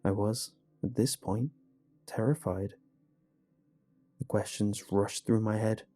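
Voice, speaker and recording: A man narrating a first-person horror story in a measured, hushed way. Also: lowish voice, fairly even intonation. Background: faint music.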